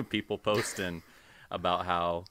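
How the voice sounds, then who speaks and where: A man's voice: low-pitched, slow, over a noisy crowd. A man co-hosting a podcast, casually and sardonically recapping reality show episodes. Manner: sardonic recapping, laughs between lines. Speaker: podcast co-host.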